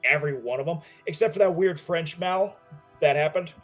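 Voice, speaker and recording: A man chatting as a player after a tabletop campaign, loud, profane and jokey. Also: on the high side, normal speed, dull audio, soft background music. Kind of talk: casual chat after a tabletop game.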